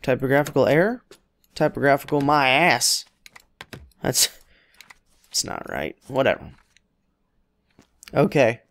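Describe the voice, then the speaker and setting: A man's voice: mid-range voice, animated, a little slow, pauses often, fairly bright tone, dry recording. A man casually commenting on his own gameplay, rambling and joking as he talks to the characters on screen. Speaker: let's play host.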